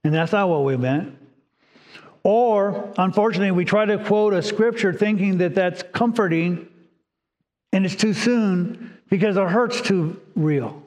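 A male pastor delivering a sermon with earnest, gentle storytelling. His voice sits a little higher than most men's, and it rings out with a long hall reverb. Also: measured pace.

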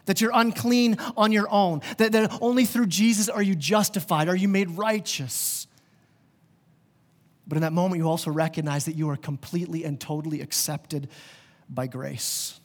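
A man with a high voice preaches a sermon to his congregation. He talks earnestly and conversationally and brings his points home with vivid everyday examples. His voice rings through the long reverb of a large church hall. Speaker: pastor. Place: church sanctuary.

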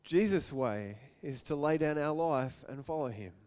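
Animated high-voiced male preacher. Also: unhurried. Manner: animated, acts out scenes with quoted voices. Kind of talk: sermon with storytelling.

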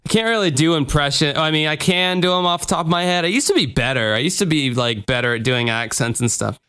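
Rambling smooth-voiced podcast host. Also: male voice, a little high, fast, bright, forceful tone. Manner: rambling, loose, with frequent restarts and swearing. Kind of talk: casual chat.

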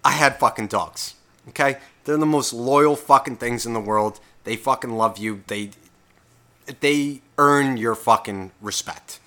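A man ranting alone into a podcast mic, swearing freely and doubling back on himself as he talks. His voice sits at an ordinary middle pitch. The talk is loose and unscripted, full of restarts and asides. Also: measured pace, a bit bright. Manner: profane, rambling, self-interrupting. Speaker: podcast host. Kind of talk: casual solo podcast rant.

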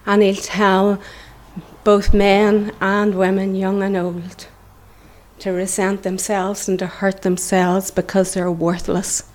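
Giving an impassioned, earnest church testimony, a middle-aged Northern Irish woman preaches and sometimes falls to a whisper. She speaks slowly and in a monotone, her mid-range voice a little mellow.

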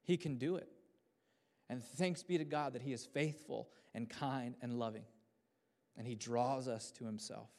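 A man in his thirties preaching a sermon at a church service, swinging between loud fervent passages and soft hushed ones. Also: mid-range voice, steady tone, measured pace. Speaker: pastor.

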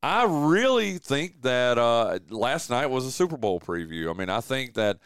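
A radio host from southwestern Virginia chats about sports in a casual, emphatic way, often saying "dude." His mid-range voice is very animated, unhurried, fairly bright, clear and resonant, recorded on a studio mic with no room sound.

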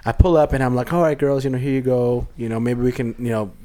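A man's voice: medium pitch, fast talker. A man co-hosting a podcast, telling a long story in casual chat and acting out the voices of the people in it. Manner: animated storyteller, acts out voices in quotes.

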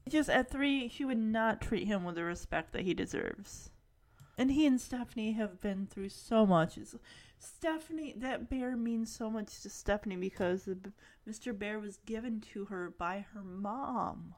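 A woman's voice: medium pitch, unhurried, a little mellow. A woman giving a chatty, affectionate recap of a television episode, full of asides and small laughs. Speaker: show recap host. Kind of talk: casual episode recap commentary.

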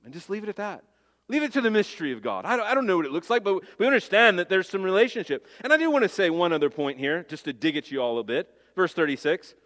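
A man preaching from the pulpit, earnest and emphatic, often turning to his listeners with rhetorical questions. His voice sits a little high for a man. A long reverb trails each phrase, like a large sanctuary. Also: animated, quick pace, a bit bright. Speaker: pastor. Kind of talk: sermon.

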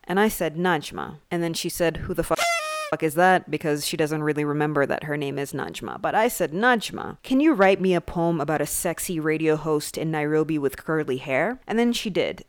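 A woman's voice: deep voice, dry recording. A woman hosting a podcast in a casual, chatty way, with swearing and laughing asides. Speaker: podcast host. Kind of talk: casual chat.

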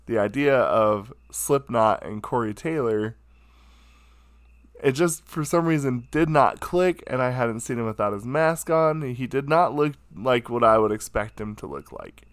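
Slow, dry-voiced man telling a story. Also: mid-range voice, no room sound. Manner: self-mocking, chatty, heavy on fillers. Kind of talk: casual anecdote. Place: his own room at home.

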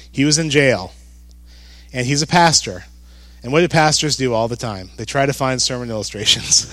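Conversational joking pastor preaching a sermon. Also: male voice, medium pitch, no echo. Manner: conversational, joking, animated emphasis.

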